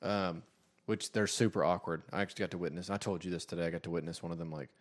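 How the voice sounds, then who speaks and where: A man's voice: sits low, fairly even intonation, quick pace. A man in his thirties co-hosting a casual comedy podcast, rambling through stories and breaking into mocking voices. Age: 30s. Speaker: podcast co-host.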